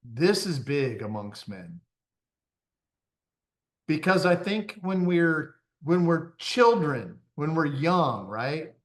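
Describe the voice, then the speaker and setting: A middle-aged man, a confidence coach, giving a motivational talk with animated, self-deprecating stories and frequent laughs. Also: on the high side, takes it slowly.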